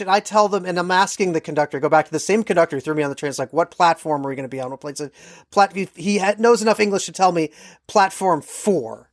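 An animated podcast co-host spins a casual travel story and slips into the voices of the people in it. The sound is dry and close, with no room around it, and the voice sits at a middle pitch. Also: no echo. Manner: animated anecdote telling, acts out quoted lines.

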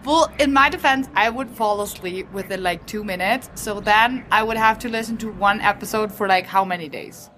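A woman's voice: medium pitch, moderate pace, hardly any pauses, fairly bright tone, slight background noise. A woman as a podcast guest in casual chat, teasing and playfully mock-offended, on a home balcony.

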